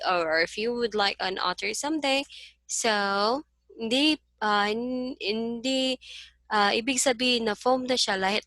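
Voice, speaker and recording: Slow-talking Filipino woman teacher. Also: medium pitch, sharp tone, no echo. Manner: slow, repeats "so" and "okay", mixes English and Tagalog. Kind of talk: recorded class lecture.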